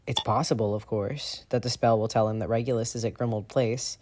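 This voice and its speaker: A man narrating a fan fiction audiobook in an expressive, steady storytelling voice. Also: medium pitch, fairly quick. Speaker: audiobook reader.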